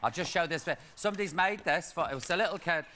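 A man in his fifties with a Liverpool accent, hosting a chat show and camping it up with quick asides and jokes at his own expense. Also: fairly high pitch. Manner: camp, quick asides, laughing at himself. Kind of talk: camp comic chat to a studio audience. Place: TV studio with live audience. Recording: studio noise with a loud audience.

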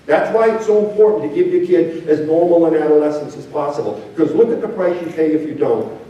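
An older man, a former teacher, giving a storytelling talk to parents, often dropping low and quiet to act out what people say. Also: muffled recording. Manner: storytelling, acts out quotes, drops low and quiet for emphasis. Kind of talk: speech to an audience. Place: large hall with an audience. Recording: very echoey hall, voice from far off.

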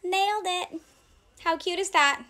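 A woman with a very high, bright voice runs a casual live clothing sale. She talks unhurriedly, chatting to her viewers as she reads out sizes and prices one by one. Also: measured pace. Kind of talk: casual live-stream selling chat.

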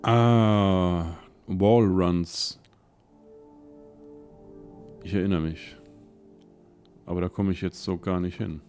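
A man from Germany casually commenting as he plays a video game, relaxed and musing to himself. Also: deep voice, slow, pauses often, soft background music. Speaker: let's play streamer.

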